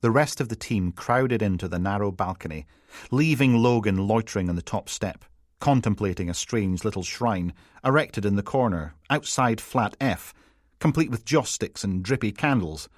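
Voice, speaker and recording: A man's voice: lowish voice, lively intonation, moderate pace, dry recording, studio quality. A man narrating a crime thriller audiobook in a wry, descriptive storytelling manner.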